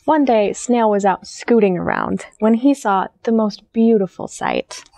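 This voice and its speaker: A young woman who works as a children's librarian, reading a picture book aloud to children. Her narration is gentle and friendly, like a teacher's, and her voice sits at a medium pitch. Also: huge pitch swings, a little slow, creaky, no echo. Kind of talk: storytime read-aloud for children.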